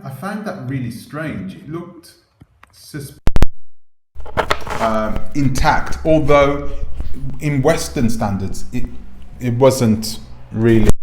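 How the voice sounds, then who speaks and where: A man with a medium-pitched, somewhat dark voice hosts his own commentary channel, chatting casually to the camera through a clip-on mic. He rambles and throws rhetorical questions at his viewers, and there's a faint hiss or hum in the recording.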